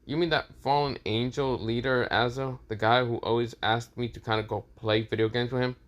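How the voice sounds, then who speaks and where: A man's voice: mid-range voice, steady tone, fairly quick, a bit bright, lightly acted. A man voicing a cocky teenage boy hero in a fan story, crude, mocking and flippant.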